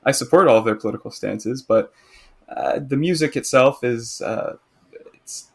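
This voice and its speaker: Gravelly man chatting on a podcast. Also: mid-range voice, normal speed. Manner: opinionated, talkative, teasing. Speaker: podcast co-host. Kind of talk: casual chat.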